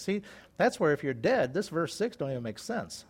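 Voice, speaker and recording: Male pastor, folksy joking preacher, bright high voice swinging all over. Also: very animated, moderate pace, husky. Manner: folksy and joking, laughs at his own asides; reads scripture aloud between comments. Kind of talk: sermon.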